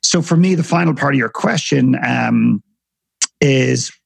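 A man's voice: mid-range voice, unhurried, no room sound, rough recording. A man from Ireland, a podcast guest, telling stories earnestly and often repeating words as he thinks. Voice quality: gravelly, husky. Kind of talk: reflective storytelling in conversation.

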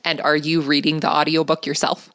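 A woman's voice: low voice, level tone, fairly quick, no echo, clean studio sound. A woman with a Canadian accent hosting a podcast interview, asking questions and encouraging her guest. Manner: warm, encouraging, affirming. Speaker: podcast host.

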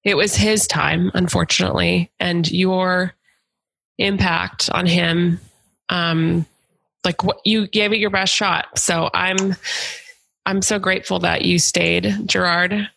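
A woman hosting a podcast, talking casually and warmly, emotional and full of praise for her guest. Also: fairly low pitch, steady tone, takes it slowly, gravelly, low-quality recording. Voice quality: warm, emotional, effusive. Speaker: podcast host; supervisor. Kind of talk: casual chat.

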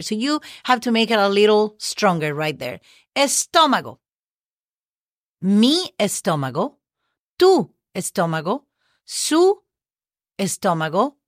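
A woman's voice: medium pitch, a bit bright, no echo, clean studio sound. A woman hosting a podcast lesson, chatty and encouraging, spelling words out letter by letter. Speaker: Spanish teacher and podcast host. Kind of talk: relaxed podcast language lesson.

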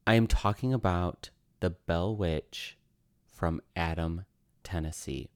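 A man's voice: low voice, smooth, dry recording, studio quality. A man hosting a paranormal true crime podcast, telling the story in a chatty way and wandering off into tangents. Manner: chatty, tangent-prone, self-amused. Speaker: podcast host. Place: lives in New York City.

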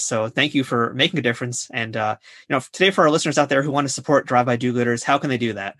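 Very fast-talking male host. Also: medium pitch, fairly bright tone, no room sound, studio quality. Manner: friendly, fast-talking with fillers. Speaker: podcast host. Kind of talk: casual interview chat.

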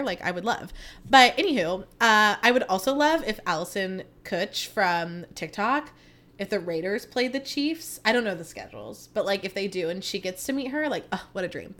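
A woman's voice: mid-range voice, normal speed. A woman in her thirties hosting a podcast, chatting casually and animatedly, saying "like" a lot. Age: 30s. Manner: chatty, animated storytelling, heavy use of "like". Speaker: podcast host. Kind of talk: casual chat.

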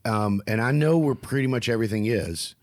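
A man's voice: medium pitch, a little fast, no echo, studio quality. A man with a Southern US accent, hosting a casual chat and telling rambling stories. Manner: rambling, storytelling.

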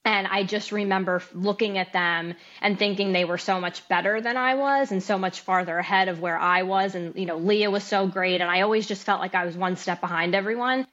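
A woman in her thirties, a podcast guest, candidly recounting her story in an interview, animated and laughing at times. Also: mid-range voice, brisk, hardly any pauses. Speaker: podcast guest, amateur boxer. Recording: slightly dull, lo-fi sound.

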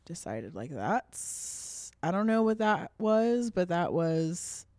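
A woman's voice: lowish voice, very animated, takes it slowly, a little mellow, dry recording. A young woman chatting casually, telling a rambling personal story with laughs and fillers. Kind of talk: casual chat.

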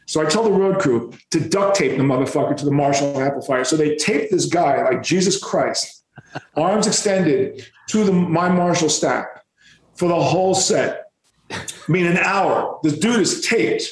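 A rock musician telling tour stories in a casual, animated and profane way. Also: male voice, a little high, normal speed, roomy sound, a little hiss or hum, rough recording. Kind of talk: casual storytelling.

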